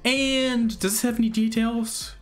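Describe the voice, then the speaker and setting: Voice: mid-range voice, level tone, measured pace, faint music behind. A streamer doing casual gameplay commentary and talking with viewers, laughing often and trailing off mid-sentence.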